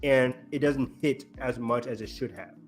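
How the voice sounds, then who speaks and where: A medium-pitched man co-hosts a podcast over soft background music, casually chatting about film news. He rambles and halts, filling his talk with ums and restarts.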